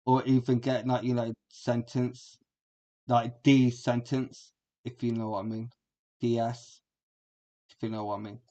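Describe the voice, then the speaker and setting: A man's voice: medium pitch, flat delivery, a little slow, pauses often, dark tone, highs cut off. A man, giving a rambling, crude and combative reaction commentary as a streamer.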